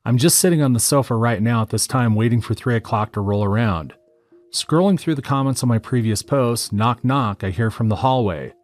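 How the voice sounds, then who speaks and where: A man reading out a first-person story as a narrator, in a steady, matter-of-fact way. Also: medium pitch, brisk.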